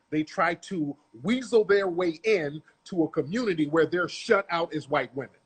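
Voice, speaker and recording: Blunt, profane husky man ranting. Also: high-pitched. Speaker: commentator. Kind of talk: ranting commentary on a video clip.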